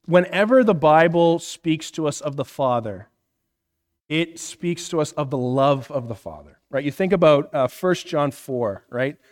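A man in his thirties, a pastor, preaches a conversational sermon in a slightly high, expressive voice at an unhurried pace. He teaches interactively, asking the room questions and often checking in with "right?", in a reverberant hall.

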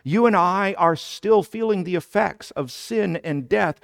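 Male pastor, sermon delivery; slow, measured, gravelly tone that swells to emphatic prayer. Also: high voice, expressive. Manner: preaching, rising to loud emphatic petitions; explains scripture slowly, then builds to loud emphatic petitions.

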